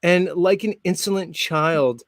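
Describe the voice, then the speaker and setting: A man's voice: sits high, unhurried, dry recording, clean studio sound. A man in his forties hosting a casual live show, rambling with many fillers and frequent laughs. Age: 40s. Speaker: show host.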